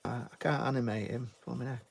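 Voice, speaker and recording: Speaking fairly quickly with vocal fry, a British man live-streams his art, giving a drawing tutorial in a chatty way and thanking viewers as he reads their names aloud, often saying "mate." His medium-pitched voice holds a steady tone.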